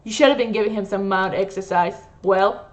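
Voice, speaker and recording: A woman's voice: mid-range voice, a little fast, natural voice. A woman voicing a greedy, pompous male doctor who talks in a curt, condescending way.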